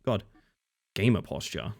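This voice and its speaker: A man's voice: on the low side, unhurried, creaky. A man streaming a horror game live, commenting casually, swearing freely and talking to his chat. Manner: animated, swears freely, chats with viewers.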